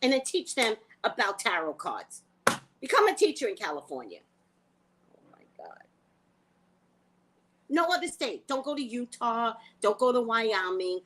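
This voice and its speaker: A woman's voice: on the high side, very animated, measured pace, long pauses, a bit bright, a little hiss or hum, low-quality recording. A woman hosting a live stream, telling an exasperated story in a casual, profane way and greeting viewers by name. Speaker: live stream host, tarot reader. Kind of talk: casual livestream rant.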